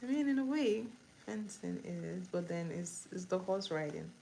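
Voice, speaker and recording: This livestream host has a lowish, warm, expressive voice with vocal fry. While putting on makeup she runs a laid-back trivia game, greeting viewers, repeating questions, taking her time, and laughing easily. The recording is low quality with slight background noise.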